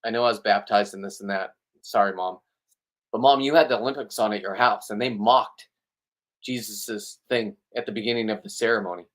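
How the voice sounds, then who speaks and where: A man's voice: on the low side, a little fast, fairly bright tone. A middle-aged man, ranting bluntly to his viewers in a rambling, riled-up monologue full of restarts. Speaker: vlogger. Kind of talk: ranting casual monologue to camera.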